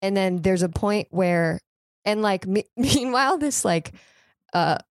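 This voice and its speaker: A woman's voice: medium pitch, measured pace, no echo, clean studio sound. Chatty young woman telling a wild story. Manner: lively, chatty, swears freely, heavy use of "like". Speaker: podcast guest. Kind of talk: casual comedic storytelling.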